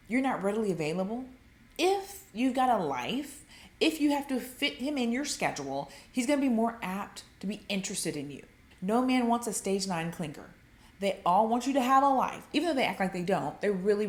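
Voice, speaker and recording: A woman giving dating advice in a casual, animated monologue. She acts out quotes in a high, excited voice, fills her talk with "like" and laughs at her own points. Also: roomy sound.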